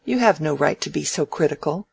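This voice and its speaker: Reader doing a proud sharp young woman, crisp and teasing, bit gravelly, middle pitch. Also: expressive, brisk. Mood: earnest, spirited. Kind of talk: audiobook dialogue reading.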